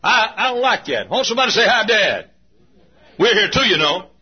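A man preaching a sermon in a church, folksy and often shouting, laughing along as he goes. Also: high voice, sing-song, normal speed, breathy edge, highs cut off. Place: church auditorium.

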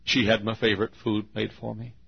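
A man in his fifties from Texas preaching a sermon, telling a long personal story in an earnest, drawn-out way. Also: on the low side, flat delivery, creaky, breathy edge. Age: 50s. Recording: dull lo-fi sermon recording.

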